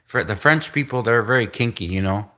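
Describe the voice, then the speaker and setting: Canadian guy rambling on a livestream, bright voice, keeps giggling and repeating himself. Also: fairly low pitch, brisk. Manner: rambling, repetitive, giggly asides. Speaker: livestream host. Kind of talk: rambling solo livestream monologue.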